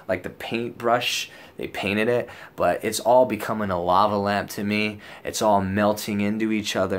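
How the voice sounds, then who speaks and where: A young man casually telling a story out loud, animated and profane, full of slang and acted-out lines from other people. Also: lowish voice.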